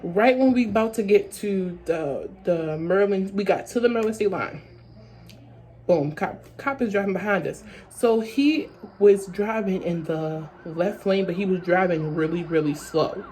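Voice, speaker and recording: A young woman telling a story from her own life in a casual vlog, talking in quick bursts that restart and repeat phrases. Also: medium pitch, a little mellow, a little hiss or hum, poor audio. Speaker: vlogger.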